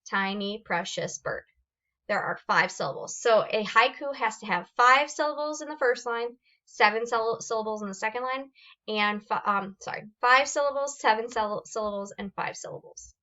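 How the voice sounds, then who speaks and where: Woman teacher, bright voice, reading out sample poems for a class on a muffled lo-fi recording. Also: on the high side, moderate pace. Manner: explains step by step, reads examples aloud with fillers and restarts. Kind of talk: recorded classroom lesson on poetry forms.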